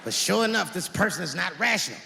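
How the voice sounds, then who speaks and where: Male stand-up comic, high, animated voice, big echoey hall, loud crowd. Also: quick pace, gravelly, a little hiss or hum. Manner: animated storytelling, swinging into character voices. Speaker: stand-up comedian. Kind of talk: stand-up comedy routine. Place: large venue on stage.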